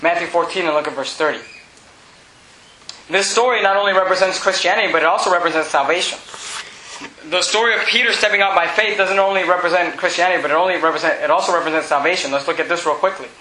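A high-voiced man pastor preaching a fervent sermon. His tone is sharp and bright, rising into shouts and sinking to low, urgent passages. The sound is roomy and echoing, with a faint hiss underneath. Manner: loud, fervent preaching with shouts and quick drops to low tones.

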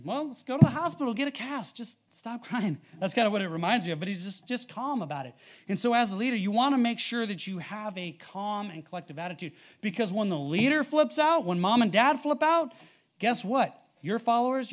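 A man preaching a sermon, reading scripture with emphasis and telling stories in a casual, conversational way. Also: high voice. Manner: animated, rising loud on scripture readings; conversational with fillers and storytelling.

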